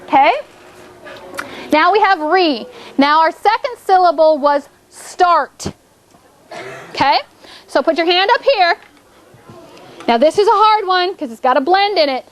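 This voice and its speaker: High-voiced woman teacher coaxing a class. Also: expressive. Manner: coaxing, drawn-out prompts with repeated cues. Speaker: fourth grade teacher. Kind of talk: classroom phonics lesson.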